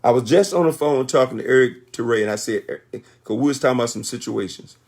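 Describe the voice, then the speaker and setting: A man's voice: mid-range voice, quick pace, darkish tone. A man in his sixties giving a motivational talk on a conference call, emphatic and repetitive like a sermon. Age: 60s.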